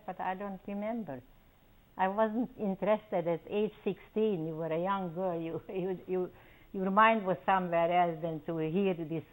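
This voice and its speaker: A woman's voice: medium pitch, rough recording. An older woman from Czechoslovakia telling her family's story in an oral history interview, acting out what people said. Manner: animated storytelling, acting out quoted voices.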